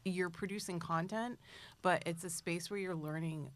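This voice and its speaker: A woman's voice: on the low side, fairly even intonation, moderate pace, dry recording. A woman working as a community media director, talking in an earnest, enthusiastic way in a small studio. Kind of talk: casual chat.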